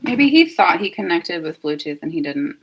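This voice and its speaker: A woman's voice: fairly low pitch, big pitch swings, moderate pace, background noise. A woman hosting a casual livestream at home, talking to herself while she troubleshoots her equipment. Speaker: host of a comedy web series.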